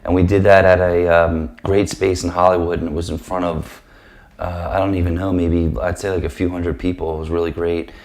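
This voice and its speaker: A man speaks in a low voice that stays flat. He answers hesitantly, filling pauses with ums and uhs. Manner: hesitant, many fillers. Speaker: actor. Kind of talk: interview.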